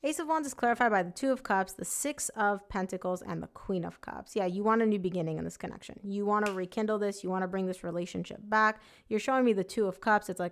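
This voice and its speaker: A woman's voice: mid-range voice, fast, hardly any pauses. Woman tarot reader, chatty and emphatic, casual direct address. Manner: chatty, emphatic, voices the client's thoughts.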